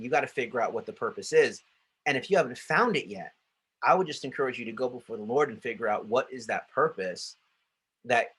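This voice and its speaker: A man, likely in his thirties, talking casually to ministry school alumni and acting out conversations with lively energy. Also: mid-range voice, slightly rough. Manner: animated, acts out quoted dialogue. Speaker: ministry school staff speaker.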